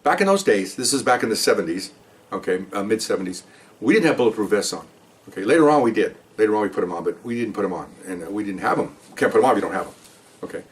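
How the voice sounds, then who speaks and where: The mic sits at a distance from this older man, who speaks fast in a lowish voice with lively intonation. A retired police officer, he tells stories conversationally, acts out quoted lines and checks in with "okay?" frequently.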